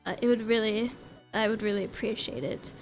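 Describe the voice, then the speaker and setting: A woman's voice: mid-range voice, steady tone, soft background music, natural voice. Woman playing a lovestruck young prince. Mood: doting. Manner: soft, hushed, halting romantic lines.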